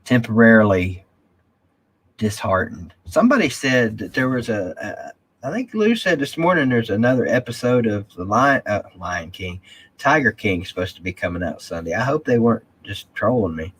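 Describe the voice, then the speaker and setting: Husky rambling live stream host. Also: male voice, fairly low pitch, animated, normal speed, a bit bright. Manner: rambling, drawling, reads viewer comments aloud. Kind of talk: casual live stream chat.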